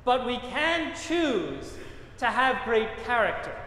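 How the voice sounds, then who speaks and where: Middle-aged pastor guy, high voice, preaching with lots of repetition, long boomy hall reverb. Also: very animated, slow, pushed and bright. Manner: emphatic preaching with rhetorical repetition and storytelling. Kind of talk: sermon.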